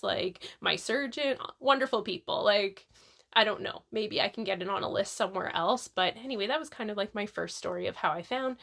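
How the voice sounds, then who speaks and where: A woman casually telling a personal story to camera, animated and exasperated, with many restarts and fillers. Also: medium pitch. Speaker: vlogger sharing a personal story.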